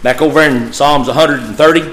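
Male pastor, preaching style that swells loud then drops to a hush. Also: steady tone, fairly quick, low-quality recording. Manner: preaching, swinging from loud emphatic peaks to low hushed phrases. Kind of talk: sermon.

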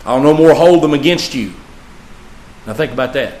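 A man preaching a sermon, swinging from loud, emphatic peaks to low, hushed phrases. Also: normal speed, pauses often, low-quality recording. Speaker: pastor.

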